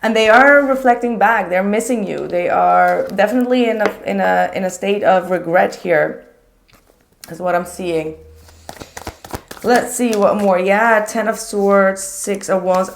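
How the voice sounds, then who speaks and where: Young woman, tarot reader, chatty, animated, lots of fillers, mid-pitched voice. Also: unhurried, vocal fry, a little hiss or hum. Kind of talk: casual tarot reading monologue.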